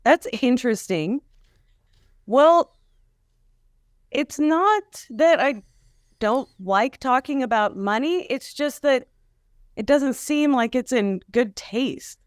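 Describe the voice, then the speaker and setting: Guest, female, slightly high smooth voice, dry close mic, calm and evasive. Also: slow, pauses often, dry recording. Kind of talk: casual comedic chat.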